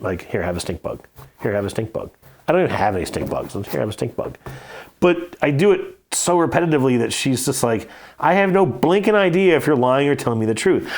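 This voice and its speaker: A man with a mid-pitched voice talks casually as a podcast host. He tells anecdotes in an animated, conversational way, speaking at an ordinary pace. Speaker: podcast host reviewing board games. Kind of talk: casual chat.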